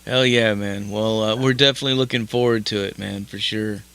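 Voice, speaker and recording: A bright-toned man hosting a metal radio show. He talks in a loose, casual way, swears freely and laughs easily. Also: on the low side, fairly even intonation, fairly quick, clear, resonant tone. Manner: laid-back, swears freely, laughs often. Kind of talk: casual radio interview chat.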